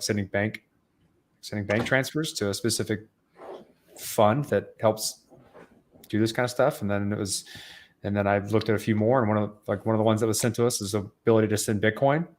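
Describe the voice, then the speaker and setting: A man's voice: fairly low pitch, fairly even intonation, a little fast. A man co-hosting a podcast in casual chat, earnestly explaining at length. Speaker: podcast co-host.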